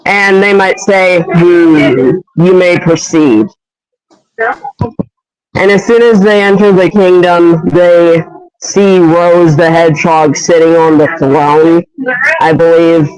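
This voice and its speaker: A young man pitching a fan story, hesitant and rambling with many fillers. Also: little pitch movement, unhurried, rough recording. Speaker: fan voice actor.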